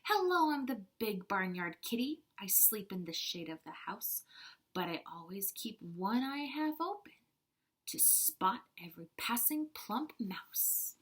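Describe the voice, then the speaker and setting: Woman playing a lazy barn cat, sly, unhurried, breathy. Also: medium pitch, very animated, fairly bright tone, exaggerated voice.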